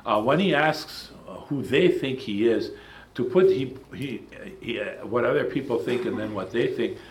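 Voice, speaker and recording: A man's voice: mid-range voice, expressive, normal speed. A man teaching a Bible study lecture, emphatic and digressive, breaking off for asides and restarts.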